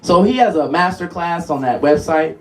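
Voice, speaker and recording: A man's voice: a little high, lively intonation, normal speed. Playful man leading a music workshop. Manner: playful, laughs often, coaxing the group. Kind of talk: live workshop teaching. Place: workshop room with live audience.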